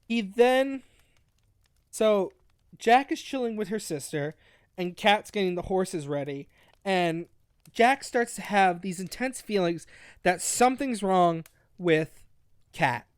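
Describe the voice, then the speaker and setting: A man's voice: high-pitched, animated, slow pace, long pauses, smooth, no room sound, studio quality. A man co-hosting a casual review chat, crude and sarcastic, often restarting his sentences. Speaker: podcast co-host.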